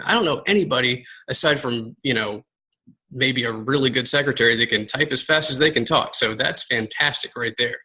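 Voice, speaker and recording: A man from Southern Texas giving a casual motivational talk to his team, energetic and rambling, repeating words and calling his viewers guys. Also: medium pitch, breathy edge, poor audio. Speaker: team coach giving a live video talk.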